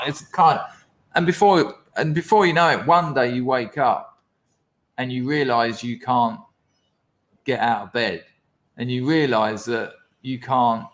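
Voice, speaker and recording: A man's voice: mid-range voice, fairly bright tone. A man, a podcast guest telling his story candidly and bluntly, swearing often and acting out what others said. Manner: blunt, sweary storytelling, acts out quoted voices.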